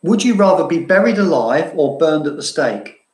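A man from southeast London with a London accent softened by Cambridge, chatting casually and self-mockingly to viewers as he answers their questions, laughing often. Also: a little high, big pitch swings, moderate pace, reverberant, low-quality recording. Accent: London with a bit of Cambridge. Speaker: fragrance vlogger.

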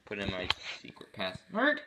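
A man's voice: on the low side, huge pitch swings, moderate pace, noisy background. A man hosting his own tech channel, talking casually through a computer walkthrough with an offhand, rambling manner, often correcting himself mid-sentence.

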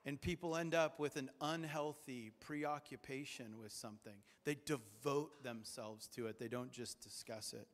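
A man in the pulpit delivers a loose, chatty sermon at an ordinary middle pitch. He drifts into jokes and brief put-on voices for the people in his stories. His words ring out with a long reverberant tail. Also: steady tone, moderate pace, hardly any pauses. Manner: conversational and jokey, acts out quoted voices. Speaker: pastor. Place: church sanctuary.

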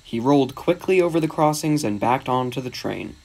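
A man narrating a children's storybook in a steady, measured reading. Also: mid-range voice, creaky.

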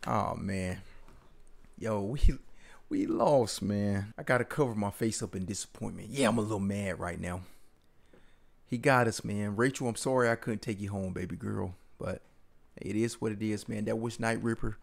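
A man's voice: on the low side, normal speed, gravelly. A man hosting a horror game let's play, talking casually and yelping and shrieking when chased. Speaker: gaming channel host. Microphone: streaming mic with a VTuber avatar.

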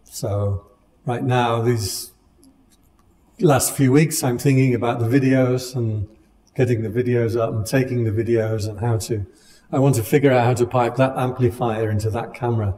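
A man leads a meditation class in a calm, conversational dharma talk. His voice is mellow and soft-edged, with a gently humorous manner. The sound carries a long, lingering hall reverb. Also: medium pitch, normal speed. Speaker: meditation teacher.

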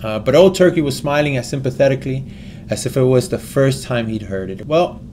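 A man reading a story aloud in a steady way, with small slips and restarts. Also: medium pitch, fairly quick, slight background noise.

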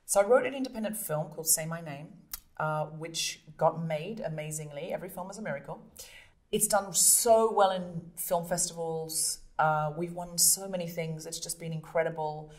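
A woman comedian and podcast host telling stories in an interview, animated and acting out scenes with voices. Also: fairly low pitch, moderate pace. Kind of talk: storytelling interview.

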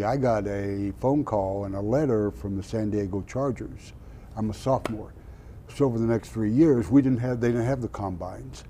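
A man's voice: fairly low pitch, slight background noise. An older man from Oklahoma, a former football player, telling stories in an interview and laughing at himself. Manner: animated storyteller, laughs at himself. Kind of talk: storytelling interview.

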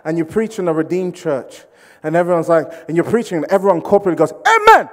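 A man from Britain preaching a sermon, telling comic stories and acting out loud congregations. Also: fairly high pitch, quick pace, slight background noise. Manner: comic storytelling, mimics congregations with shouts. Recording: reverberant hall.

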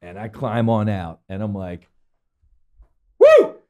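A man from New Jersey, a former fighter pilot as a podcast guest, telling a story in an excitable, profane way and laughing often. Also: lowish voice, moderate pace. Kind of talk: animated storytelling.

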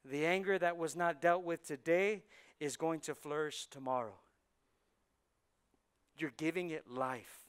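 A male pastor preaching a sermon, moving between hushed, intense passages and loud, driving preaching, and slipping Spanish words into his English. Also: on the high side, measured pace, long pauses, smooth. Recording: church sermon on a live mic.

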